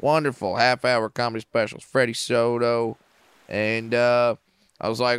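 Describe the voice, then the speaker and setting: Crisp, dry-sounding comedian telling stories. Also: male voice, medium pitch, no room sound. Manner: profane, animated, quick to act out quotes. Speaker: comedian guest. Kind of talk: casual podcast interview storytelling. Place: podcast studio.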